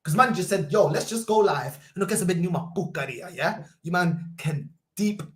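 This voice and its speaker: Young man ranting in a roomy echo. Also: high-pitched. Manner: loud mocking banter, rapid rhetorical questions, Portuguese curses mixed in. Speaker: host. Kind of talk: football fan reaction livestream.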